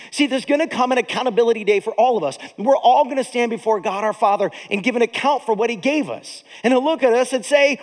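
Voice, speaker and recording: Animated male pastor preaching in a hall. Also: extremely high pitch. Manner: animated preaching with dramatic pauses. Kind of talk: sermon.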